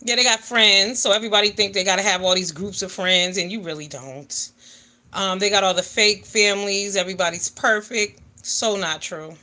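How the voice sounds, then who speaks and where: Woman livestreaming from home, bright tense voice, goes loud to hushed with her viewers. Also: medium pitch, normal speed. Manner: animated, greets viewers, swings from loud to quiet. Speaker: livestream vlogger. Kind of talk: casual livestream chat. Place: home in the US Northeast.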